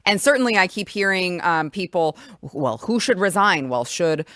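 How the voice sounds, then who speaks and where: A woman's voice: lowish voice, lively intonation, fairly bright tone, dry recording, studio quality. A woman hosting a political talk show, agreeing emphatically and chiming in. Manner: quick agreeing interjections, emphatic. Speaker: host.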